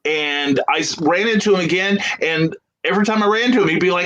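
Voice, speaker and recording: A middle-aged American man from the United States, with a high, brisk voice, tells a long anecdote as a guest on a casual video-call interview. He's an animated storyteller who acts out the voices of the people he quotes. The audio is poor, with slight background noise.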